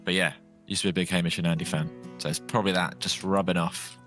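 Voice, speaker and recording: Over background music, a man with a deep, level voice talks quickly while livestreaming a survival game. He's a gaming streamer, and his casual gameplay chat rambles along with light jokes.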